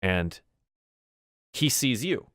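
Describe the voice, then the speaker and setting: A man's voice: medium pitch, sing-song, extremely slow, a bit bright, no room sound, studio quality. A man narrating as game master of a tabletop game, rambling and full of fillers and restarts.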